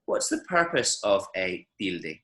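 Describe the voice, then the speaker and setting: Teaching Spanish online from Medellín, this lively man has a bright yet low voice and speaks slowly. The video-call recording sounds rough. He patiently explains material and makes sure his class is following.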